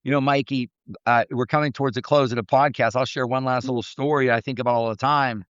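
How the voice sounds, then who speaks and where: A man speaks in a smooth, clear voice of middling pitch, earnest and preachy as he tells stories. The sound is dry and a little dull and lo-fi, with no room around it. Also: dry recording. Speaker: mindset coach podcast host. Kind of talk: motivational talk.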